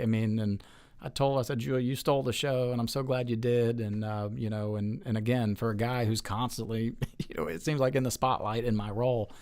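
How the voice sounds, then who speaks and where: A state lawmaker in his forties, appearing as an interview guest, shares stories in an earnest, talkative manner, full of fillers and false starts. His voice sits in the middle range and has a slightly mellow quality.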